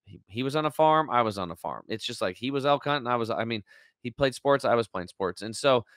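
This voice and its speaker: A man's voice: medium pitch, animated, quick pace, a bit bright, dry recording. A man talking as an interview guest over a video call, his voice dry and close. He tells his story with feeling, acting out what people said and leaning on fillers and restarts. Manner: emotional storytelling, acts out quoted dialogue, filler-heavy.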